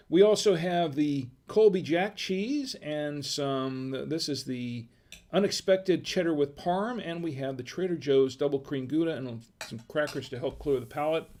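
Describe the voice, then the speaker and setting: A man hosting a live-stream wine tasting, chatting casually in a rambling, halting way with self-deprecating humor. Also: fairly high pitch, a little mellow.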